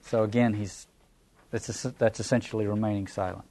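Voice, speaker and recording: Southern American man as a scripture lecturer; relaxed, mellow delivery, musing aloud. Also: on the low side, brisk. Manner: thoughtful, restarting phrases, rhetorical questions. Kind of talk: reflective lecture.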